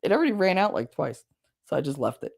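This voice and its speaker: A woman's voice: deep voice, big pitch swings, fast talker, vocal fry, a little mellow. A woman hosting a livestream, talking casually and candidly with her chat, rambling and swearing now and then. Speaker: livestream host.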